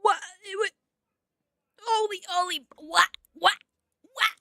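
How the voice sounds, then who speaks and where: A woman's voice: very high voice, steady tone, slow, gravelly, pushed and bright, no room sound, studio quality. A woman streaming a game in casual chat, rambling with fillers and getting teary as she thanks viewers. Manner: emotional, teary and gushing with thanks.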